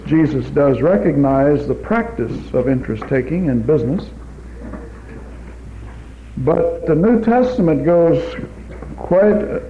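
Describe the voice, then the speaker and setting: A man preaching a teaching sermon in a church, in a measured way, quoting scripture in old King James wording, on an old tape recording. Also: fairly high pitch. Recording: tinny phone-like old tape recording, faint hiss.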